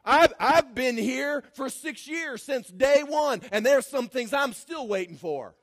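Man pastor preaching, high voice, dry close sound, shouts then goes low and mocking. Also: lively intonation, measured pace, dry recording. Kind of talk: sermon. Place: church.

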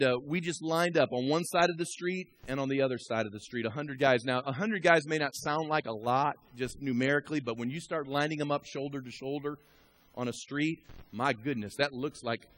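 Forceful, bright-toned male preacher. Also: medium pitch, moderate pace. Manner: dramatic swings from hushed murmur to shouting; exhorting the congregation directly. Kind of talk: storytelling sermon.

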